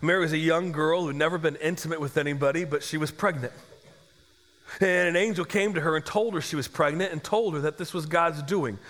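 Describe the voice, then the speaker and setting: Animated pastor in an echoing hall. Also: male voice, a little high. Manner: animated, comic storytelling with acted-out dialogue. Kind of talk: storytelling sermon. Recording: long echo of a large hall.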